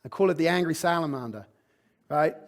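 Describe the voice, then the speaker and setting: A man's voice: a little high, fairly quick. A man giving a motivational presentation to a room of fitness trainers. He talks emphatically, with frequent "like" and restarts. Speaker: fitness business speaker. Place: conference room with live audience.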